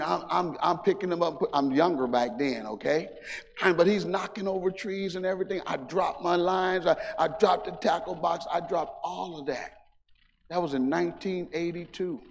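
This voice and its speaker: A man's voice: fairly high pitch, a little mellow. A man in his sixties, a preacher telling folksy stories and then building into fervent preaching during a church service. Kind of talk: sermon. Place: church sanctuary. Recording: long reverb of a church hall.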